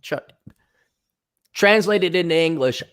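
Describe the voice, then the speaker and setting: Guy ranting casually, blunt and sweary, slightly high voice. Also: animated, takes it slowly, fairly bright tone, clean tone. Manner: blunt, profane, mocking impressions. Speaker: podcast co-host. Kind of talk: casual chat.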